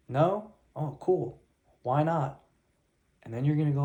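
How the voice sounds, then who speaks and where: Blunt, swearing man with a mellow voice. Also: fairly high pitch, moderate pace, creaky. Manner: blunt, heavy swearing, fired up. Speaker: life coach. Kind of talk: motivational tough-love rant.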